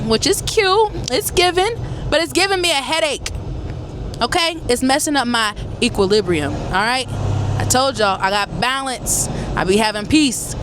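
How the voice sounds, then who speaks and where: A woman truck driver chatting casually to her viewers from the cab while driving, animated and talkative. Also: on the high side. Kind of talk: casual vlog chat to viewers. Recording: loud road and engine noise. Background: truck road noise.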